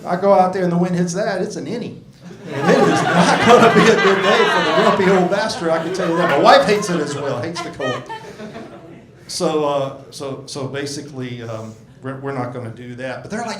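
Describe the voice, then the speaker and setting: A man's voice: on the high side, a little fast. A man in his sixties doing a stand-up comedy set in a club, rambling, profane and self-mocking, working the crowd. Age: 60s. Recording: echoey club room.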